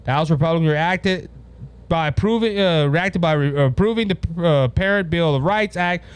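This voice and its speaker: A man with a Louisiana accent hosting a political commentary podcast, emphatic and halting, full of restarts. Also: a little high, clear, resonant tone. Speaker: podcast host.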